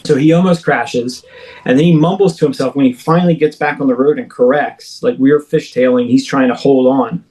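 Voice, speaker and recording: A man's voice: medium pitch, steady tone, dark tone, poor audio. Thirtysomething guy on an interview, telling his story, lots of restarts. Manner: vivid, halting storytelling with many restarts. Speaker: interview guest. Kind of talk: recounting a personal experience in an interview.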